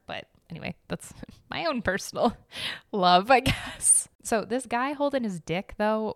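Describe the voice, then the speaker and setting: A woman's voice: lowish voice, smooth, no room sound, studio quality. A young woman with a Midwestern American accent, hosting a casual art history podcast with a chatty, giggly, self-deprecating manner. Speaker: podcast host.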